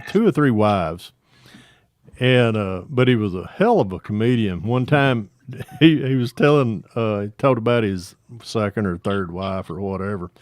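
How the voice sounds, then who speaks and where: A man's voice: mid-range voice, a little mellow, no room sound, clean studio sound. A man with a Southern accent casually telling a rambling joke story on a live hangout, laughing through his punchlines. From Atlanta, Georgia area.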